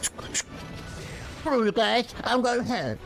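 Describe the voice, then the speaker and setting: A man doing a high, bratty impression of a whiny, chubby cartoon schoolboy. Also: lively intonation, very slow, vocal fry, fairly bright tone, faint music behind, full character voice. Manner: bratty and annoying.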